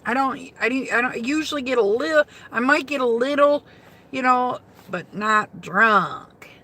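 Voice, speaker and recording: Woman, rideshare livestreamer, from Michigan, high-pitched, slow-paced, casual and salty, in a car. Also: sharp tone. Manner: chatty, salty, laughs easily. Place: inside a car.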